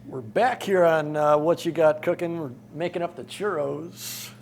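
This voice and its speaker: A man's voice: fairly high pitch, moderate pace, vocal fry, music in the background. A man co-hosting a cooking show in a studio kitchen, describing his steps in an easygoing, plain-spoken way. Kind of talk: on-air cooking demonstration.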